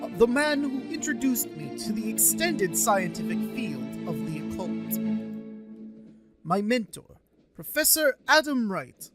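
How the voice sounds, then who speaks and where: A man's voice: sits high, big pitch swings, over music. A man voicing a solemn middle-aged male psychiatrist with a put-on German accent that slips toward Russian. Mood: ominous. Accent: put-on German, drifting toward Russian. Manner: slow, earnest, formal warnings.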